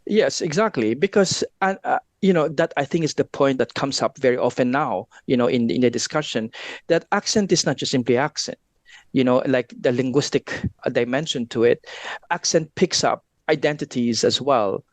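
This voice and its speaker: A man's voice: mid-range voice, normal speed, dry recording. A man, a guest researcher, explaining his ideas earnestly and at length in an interview. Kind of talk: academic interview chat.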